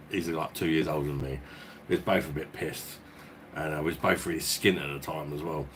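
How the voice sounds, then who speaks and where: Deep-voiced bloke rambling. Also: male voice, slight background noise. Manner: rambling, swearing, chuckling as he talks. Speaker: beer review channel host. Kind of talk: casual storytelling chat and viewer Q&A.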